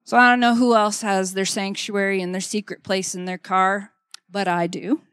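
A woman's voice: mid-range voice, level tone, moderate pace, a bit bright, clear, resonant tone, no echo, studio quality. A middle-aged woman preaching a conversational sermon. She speaks emphatically, repeats her key phrases and keeps checking in with "okay?".

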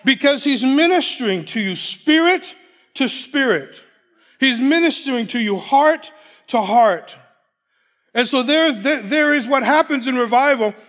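A man's voice: very high-pitched, lively intonation, a little slow, a bit bright. A man preaching a sermon, emphatic, repeating key phrases and laughing between points.

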